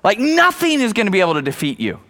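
A male preacher delivering a sermon with a bright, high voice. He talks emphatically, hammering key phrases again and again and calling out to the congregation. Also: huge pitch swings, fast talker. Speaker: pastor.

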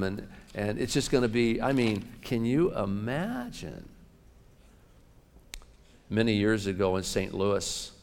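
A man preaching a sermon as pastor, animated, shifting between loud outbursts and hushed asides. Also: on the low side. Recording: long reverb of a large hall.

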